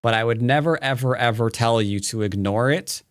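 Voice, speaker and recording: A man's voice: medium pitch, moderate pace. A man teaching Go on a live stream, talking casually and playfully, joking with his chat and rambling with fillers and restarts. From United States.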